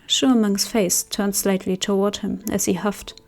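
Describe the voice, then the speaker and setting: A woman's voice: mid-range voice, soft background music. Woman narrating an audiobook. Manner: steady, measured storytelling. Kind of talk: scripted narration.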